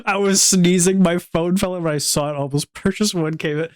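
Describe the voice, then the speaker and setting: A man's voice: sits high, brisk, few pauses, no echo. Rambling young man streamer, dry sound. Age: young adult. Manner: rambling, repeats words, laughs often. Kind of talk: casual stream chat.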